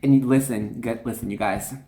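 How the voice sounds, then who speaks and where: This is a chatty, excitable tarot reader talking straight to the viewer, with a voice that sits in a middle pitch. The delivery is loose and full of fillers and quick asides. The voice rings with a noticeable room echo. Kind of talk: casual spiritual card reading. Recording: echoey room.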